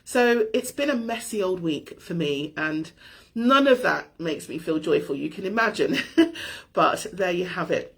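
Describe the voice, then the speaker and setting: Woman, middle-aged, breathy low voice, candid thoughtful live talk. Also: animated, a little slow. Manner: candid and thoughtful, with light self-deprecating laughs. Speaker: host of a weekly live reflection show. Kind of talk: candid personal reflection.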